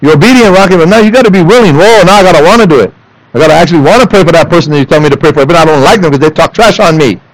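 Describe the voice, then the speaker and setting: A man preaching a sermon in church, animated, rising into loud emphatic lines and dropping to low asides for the congregation. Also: very fast, no room sound, poor audio. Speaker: pastor. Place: church sanctuary.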